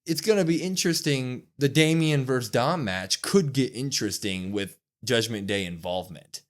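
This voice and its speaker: A man's voice: medium pitch, moderate pace. A man co-hosting a wrestling podcast, animatedly retelling a show's events and acting out what people said. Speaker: podcast co-host. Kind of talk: casual wrestling show recap.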